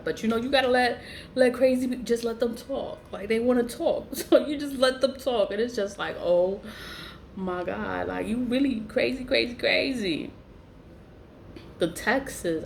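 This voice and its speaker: A woman vlogger delivers a casual storytime rant, profane and animated. She laughs often, and her voice leaps high whenever she stresses a point. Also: a little hiss or hum. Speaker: vlogger who sells spiritual goods online.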